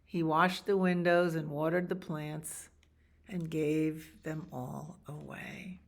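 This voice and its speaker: A woman librarian reading a picture book aloud to children, expressive, with animal sounds and little asides. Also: deep voice, slow, creaky.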